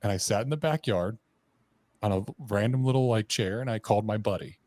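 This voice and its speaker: A man's voice: fairly low pitch, brisk, a little mellow, dry recording. A man guest on a podcast, candidly telling a personal story in a blunt, profane way, full of restarts and slang.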